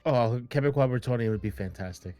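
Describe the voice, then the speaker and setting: A man's voice: mid-range voice, fast, mellow. A man playing in a tabletop game, chatting casually on a voice call, rambling and stumbling over his starts before laughing at his own jokes.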